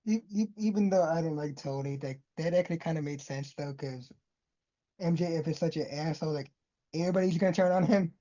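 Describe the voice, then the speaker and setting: Laid-back co-host with a mellow, warm voice; short casual remarks over a dull recording. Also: mid-range voice, fairly quick. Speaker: podcast co-host. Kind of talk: casual wrestling chat.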